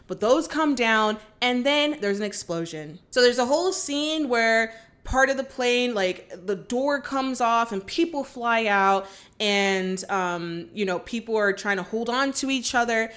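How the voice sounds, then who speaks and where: A woman casually retelling a film's plot for her channel, full of fillers and quick to scold the characters. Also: on the high side, a bit bright. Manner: chatty, lots of fillers like "like" and "you know"; gets indignant and scolding at characters. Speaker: movie reaction vlogger. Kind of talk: casual movie recap.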